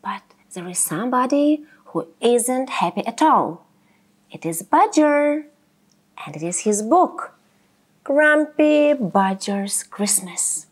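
High-voiced woman reading a kids' story aloud, slow and expressive. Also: breathy edge. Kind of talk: children's read-aloud narration.

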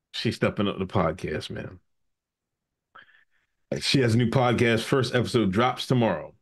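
A man hosting a casual podcast, telling stories with animated, profane banter. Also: fairly low pitch, a little slow, pauses often, slightly rough. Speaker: podcast host.

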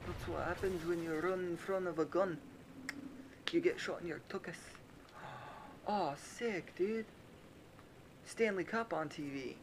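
A man's voice: high-pitched, unhurried, pauses often, noisy background. A young man casually commenting on his own shooter gameplay, playful and jokey, often slipping into silly voices. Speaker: gaming YouTuber. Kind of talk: casual let's-play commentary.

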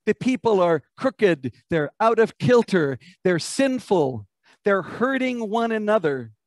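A man's voice: high voice, sing-song, slow, no echo, studio quality, heavily acted. A man voicing God as a stern judge pronouncing consequences on a sinful people.

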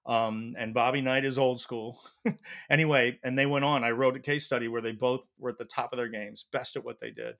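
Male academic guest, storytelling answers, mid-range voice, animated. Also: medium pitch, fairly quick, gravelly. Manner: animated storyteller, acts out quotes. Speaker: leadership professor, guest.

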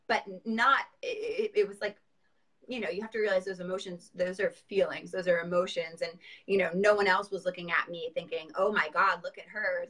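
A middle-aged woman, a former competitive swimmer, chatting as an interview guest and telling lively stories with a lot of laughter. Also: medium pitch, low-quality recording. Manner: animated storytelling with frequent laughs. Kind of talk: casual interview chat.

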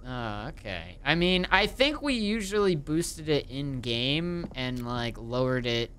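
A woman streamer chatting casually while playing a multiplayer game, soft-spoken, laughing often and trailing off. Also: a bass voice, big pitch swings, slow pace, slight background noise. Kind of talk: casual gaming chat.

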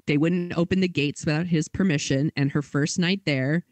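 Higher-voiced man telling a story, casual. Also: fairly even intonation, normal speed, dry recording. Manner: casual, filler-heavy retelling with acted quotes. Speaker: podcast host.

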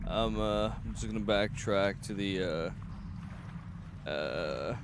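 A young man streaming a horror game, rambling nervously and breaking into panicked shouts. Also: lowish voice, takes it slowly, noisy background. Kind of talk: horror game livestream commentary.

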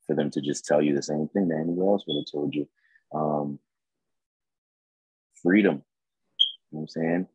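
A man talking as a guest in a casual chat, relaxed and reflective, with plenty of ums. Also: extremely low pitch, slightly rough, dry recording. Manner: relaxed, reflective, with many fillers. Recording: dull, dry close recording.

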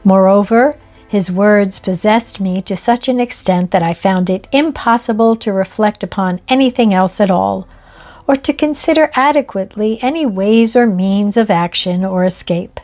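A woman reading a ghost story aloud in a measured, expressive way. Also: mid-range voice, soft background music. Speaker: narrator. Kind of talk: scripted ghost story narration.

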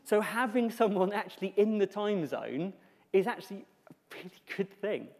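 A man with a slightly higher voice gives a conference talk, dropping dry jokes along the way. His voice rings out with a long reverb from a large hall. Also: moderate pace, vocal fry, darkish tone. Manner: wry, joking asides. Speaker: conference speaker. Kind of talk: conference presentation.

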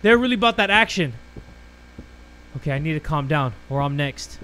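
A man giving loud, jumpy commentary on a horror game, swearing and joking through his fear. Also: a little high, expressive, normal speed, a little hiss or hum. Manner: jumpy, swears a lot, yells at monsters then jokes. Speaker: gaming YouTuber.

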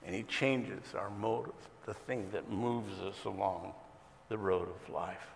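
A male pastor preaching a sermon in a large church, telling a story with dramatic swings between loud and quiet. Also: fairly low pitch, steady tone, a little slow, creaky, slight background noise. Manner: storytelling with dramatic shifts in loudness. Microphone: church sound system, streamed. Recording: echoey large church hall.

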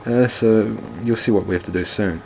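Let's play host, male, deep voice, relaxed wry commentary. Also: moderate pace, vocal fry, a little hiss or hum. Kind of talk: casual game commentary reading a text adventure.

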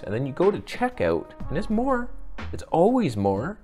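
A man's voice: moderate pace, soft background music. A man telling a story in a casual vlog, acting out what people said with big jumps in his voice. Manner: animated, acts out quoted dialogue with big pitch jumps. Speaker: camera YouTuber.

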